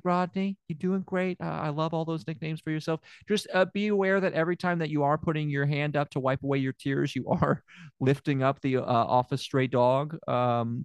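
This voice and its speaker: A man playing an inept male therapist in an improvised comedy podcast, speaking slowly in a soothing, hypnotic way. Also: mid-range voice, creaky, clear, resonant tone, no echo, lightly acted. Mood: flustered. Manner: slow, soothing hypnotic delivery.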